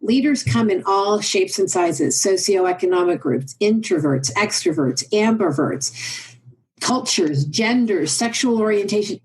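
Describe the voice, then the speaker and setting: A middle-aged woman, a leadership advisor, talking as a podcast guest in an animated, emphatic storytelling way. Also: medium pitch, low-quality recording. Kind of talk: conversational interview.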